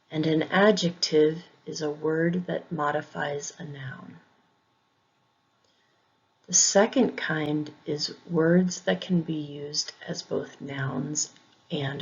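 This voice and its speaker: A woman with a deep, husky voice gives a slow, clear English pronunciation lesson, heard through lo-fi sound. She speaks carefully and deliberately, repeating each word so learners can copy and drill it.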